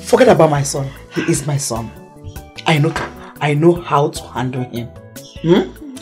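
A domineering Nigerian mother in a Nollywood film. Her voice sits a little low for a woman but swings widely in pitch. She talks loudly and emphatically, cajoling and scolding by turns. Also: sing-song, unhurried, faint music behind. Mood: scheming. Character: scheming domineering mother pushing her son to remarry. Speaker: scheming mother.

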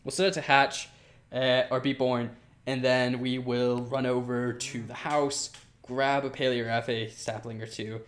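A Minecraft let's player with a medium-pitched voice talks in a flat, measured way as he plays a building game. He rambles, laughs often, and chats to the animals on screen.

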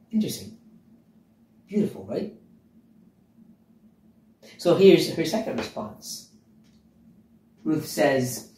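A man teaching through a passage of scripture with real animation, his voice climbing and dipping across a wide range. He sits on the higher side for a man and keeps pressing points home with rhetorical questions. The sound carries a noticeable room echo. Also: normal speed. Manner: animated, emphatic, asks listeners rhetorical questions. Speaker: Bible teacher. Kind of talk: expository Bible teaching.

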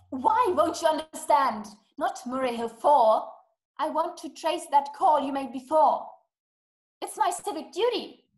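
A woman's voice: sits high, lightly acted, poor audio. An actress playing a frantic, imperious wealthy woman who talks in an urgent, scolding way in an amateur video-call play.

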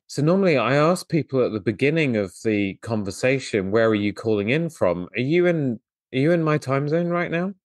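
A British man from London hosting a podcast interview, self-deprecating and quick to laugh. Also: mid-range voice, expressive, no echo, clean studio sound. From London, England. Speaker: podcast host.

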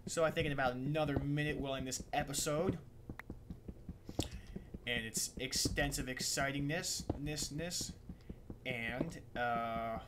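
A man's voice: medium pitch, fairly even intonation, unhurried, noisy background. A young American man, goofy and rambling, doing gameplay commentary for his channel and tossing off silly rhymes. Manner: goofy, rambling, rhyming asides. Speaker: gaming channel host. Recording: game music underneath. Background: background game music.

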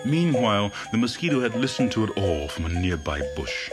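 A man narrating a folk tale with a deep, expressive, dramatic delivery. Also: a little fast. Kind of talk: storybook narration. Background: music.

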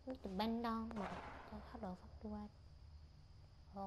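Woman doing a high, brash cursing gamer bit, loud and sing-song. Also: moderate pace, vocal fry, background noise.

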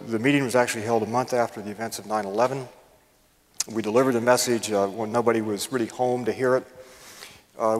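An older man gives a public lecture in a large hall, and his voice rings with a long reverb. He speaks at a middle pitch with a folksy, self-deprecating humor. His talk is full of ums and uhs as he builds his stories. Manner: folksy, self-deprecating storyteller with many fillers. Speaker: guest lecturer.

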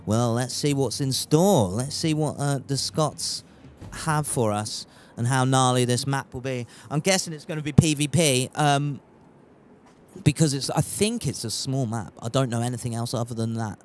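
A man's voice: medium pitch, moderate pace, a little hiss or hum. A young man streaming a survival game live, rambling and joking, swearing casually and greeting viewers from chat.

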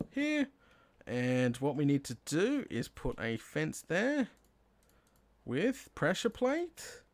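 A man narrating his own Minecraft play, talking himself through each step and bursting into excited shouts when things work. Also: mid-range voice. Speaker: gaming channel host. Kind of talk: Minecraft let's play commentary.

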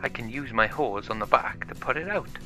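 A man's voice: medium pitch, lively intonation, a little fast, pushed and bright, faint music behind. A man voicing a brave, eager male fire pup in a toy story, urgent and can-do.

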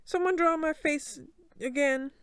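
Mischievous joking teen boy, woman doing the voice, raised pitch, dry close sound. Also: unhurried, dry recording. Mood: cheeky. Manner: cheeky, joking. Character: mischievous wisecracking teenage boy. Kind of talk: acted dialogue in a read-aloud story.

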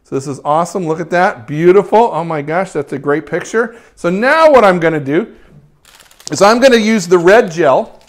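A cheerful man with a fairly high voice for a man walks viewers through a photography demo as he works. He keeps up a friendly running chatter full of quick praise and is eager to encourage his audience. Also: animated. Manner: upbeat and chatty, lots of praise words. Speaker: photography teacher hosting a live stream. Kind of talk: live demo, talking while working.

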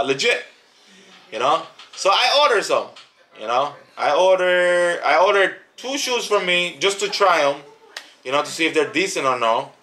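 A man with a fairly high, bright, forceful voice gives a casual product review for a family channel. He talks in an emphatic, animated way and repeats words to drive a point home.

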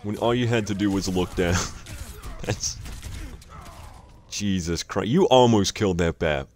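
A man's voice: low voice, moderate pace, a little mellow, faint music behind. A young man casually commenting on someone else's gameplay, exasperated, swearing and laughing often.

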